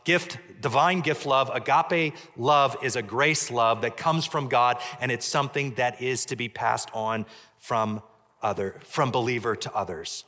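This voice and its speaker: A man preaching a sermon as pastor, measured, dropping low and soft on key points. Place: church sanctuary. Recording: long church reverb.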